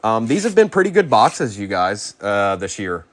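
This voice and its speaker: A man hosting a live card break, rapidly calling out player names and chatting with viewers by name. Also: lowish voice, big pitch swings, a little hiss or hum.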